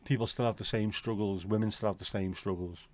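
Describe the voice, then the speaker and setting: A man's voice: fairly low pitch, fairly even intonation, fairly quick. A man hosting a casual livestream chat, reading out viewer comments in a bantering, crude, sweary way. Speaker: livestream host.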